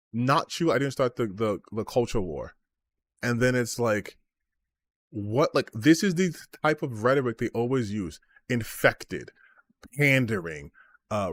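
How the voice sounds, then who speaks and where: A man's voice: mid-range voice, dry recording. A man streaming as a gaming commentator, ranting about online comments with sarcasm, exasperation and frequent swearing.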